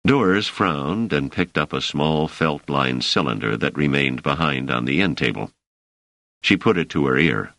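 A man narrating an audiobook in an expressive, measured way on a close studio mic. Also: rumbling low, creaky, no room sound. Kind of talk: scripted narration.

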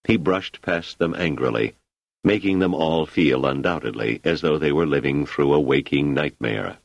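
A man narrating an audiobook in an expressive storytelling manner. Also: very deep voice, normal speed, creaky, no echo. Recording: slightly muffled lo-fi recording.

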